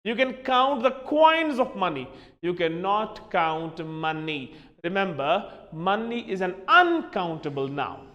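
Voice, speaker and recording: A man with a high, bright-sounding voice gives a classroom lesson. He is emphatic and spells words out letter by letter. A long reverb hangs on his voice, as if he is in a hard-walled room. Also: big pitch swings, measured pace, dull audio. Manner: switches into Hindi asides. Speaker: English teacher.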